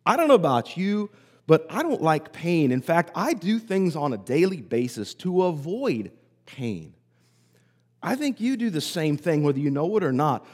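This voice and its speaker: A man preaching a sermon, telling a story in a conversational way and pausing often. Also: on the high side, very animated, a little mellow. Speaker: pastor. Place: church sanctuary. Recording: hall reverb.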